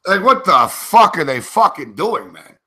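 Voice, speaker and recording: A man's voice: high-pitched, big pitch swings, unhurried, pushed and bright. Profane, frustrated man ranting at a game. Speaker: sports betting analyst. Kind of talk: live game reaction commentary.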